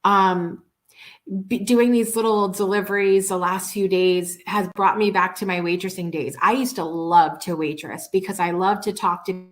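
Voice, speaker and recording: A woman's voice: medium pitch, fairly even intonation, normal speed. A woman hosting a live show, telling stories in a casual, earnest, chatty way, often restarting her sentences. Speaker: show host.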